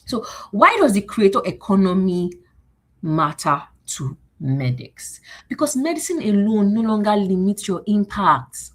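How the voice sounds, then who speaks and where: A woman hosts a motivational livestream talk. Her voice is husky, and she rallies the listeners with repeated phrases and little acted-out exchanges. She sits at a middling pitch for a woman. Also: a little slow. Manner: animated, repetitive and rallying, acting out exchanges in higher voices. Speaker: host.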